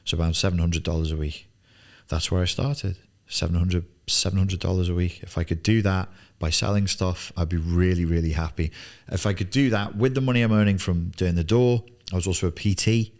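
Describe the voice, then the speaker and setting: A man's voice: sits low, fairly even intonation, a little fast, a little mellow. A man in his forties coaching on business in a blunt, emphatic studio monologue, swearing freely and repeating words for emphasis. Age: 40s. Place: television studio.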